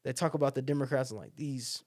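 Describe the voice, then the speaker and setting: A man's voice: mid-range voice, normal speed, clean tone. A young man from Alabama, a podcast guest chatting casually and acting out the people in his stories. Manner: animated storyteller who acts out the people he quotes, heavy use of "like" and "bro". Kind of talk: casual conversation.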